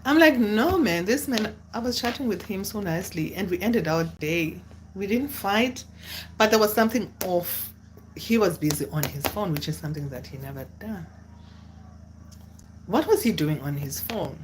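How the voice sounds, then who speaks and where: A young woman, telling a personal story to camera in a casual, dramatic way with sudden high exclamations. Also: expressive, moderate pace, a little hiss or hum. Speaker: vlogger.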